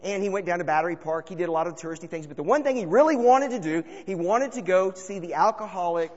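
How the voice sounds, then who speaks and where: A man preaching a sermon, telling stories and swinging between loud calls and hushed asides. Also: high voice, lively intonation, fast, in a large hall, muffled recording. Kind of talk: sermon with storytelling.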